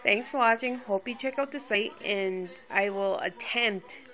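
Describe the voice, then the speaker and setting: A woman vlogging casually to her camera, rambling with many fillers and restarts in a fairly monotone voice. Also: medium pitch, unhurried. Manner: monotone, by her own account; quiet, subdued and near a whisper. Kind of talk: casual home vlog talk.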